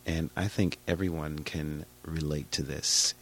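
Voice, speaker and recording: A man hosting a radio show in a chatty, rambling way, with a husky, raspy voice that is hoarse from a cold. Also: extremely low pitch, steady tone, unhurried, slight background noise. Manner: chatty, rambling, sudden bursts of loudness. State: hoarse, getting over a cold. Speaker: radio host and DJ. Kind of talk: casual radio chat.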